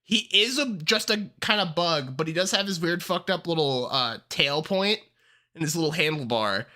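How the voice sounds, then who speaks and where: A streamer ranking characters in casual livestream commentary, excitable and heavily profane, swinging between ranting and laughing. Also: medium pitch, normal speed.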